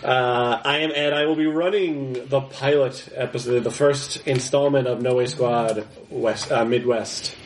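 A man's voice: mid-range voice, steady tone, measured pace, hardly any pauses. A man running a tabletop game as game master, chatting loosely and laughing often. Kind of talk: casual tabletop game chat. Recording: echoey room with background noise.

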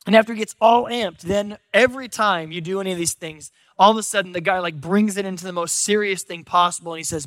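A man's voice: high-pitched, a little fast, few pauses, a bit bright, dry recording. A man from San Diego preaching a sermon in a church, telling stories with joking, self-deprecating humor. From San Diego, USA. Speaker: pastor. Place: church stage.

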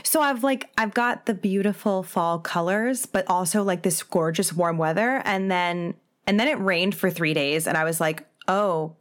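A woman's voice: on the low side, moderate pace, hardly any pauses. A woman in her thirties from New Jersey, co-hosting a podcast in casual chat, laughing often and acting out what others said. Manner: chatty, laughs often, acts out quotes. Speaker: podcast co-host.

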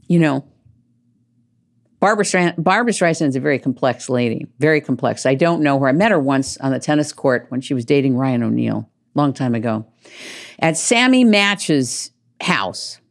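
An older woman hosting her own show, delivering an emphatic, rambling monologue and dropping her voice low for asides. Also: lively intonation, normal speed. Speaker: host. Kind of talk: opinionated monologue.

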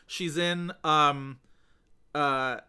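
Chatty man with a bright voice. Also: a little high, fairly even intonation, drawn-out words, clean tone. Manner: chatty, rambling, many fillers. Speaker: podcast co-host. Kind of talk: casual film podcast chat.

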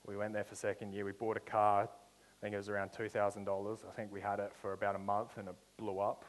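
A young man delivers a sermon testimony in a fairly low voice. He tells his story plainly, then stretches out his phrases for emphatic statements of faith. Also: monotone, long reverb tail, poor audio. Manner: storytelling with slow emphatic build-ups. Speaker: preacher.

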